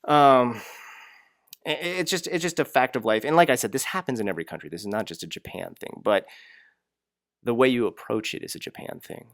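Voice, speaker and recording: A man's voice: medium pitch, lively intonation, a little fast, fairly bright tone, no room sound, clean studio sound. A young man who teaches English, giving blunt and frank workplace advice in a casual vlog, ranting and swearing freely.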